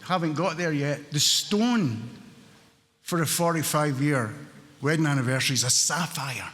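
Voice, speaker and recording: A man's voice: on the high side, moderate pace, a bit bright, big-room sound. A Scottish man in his sixties telling funny, self-mocking stories at a recovery meeting, laughing often. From Scotland. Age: 60s. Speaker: AA meeting speaker. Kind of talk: storytelling talk.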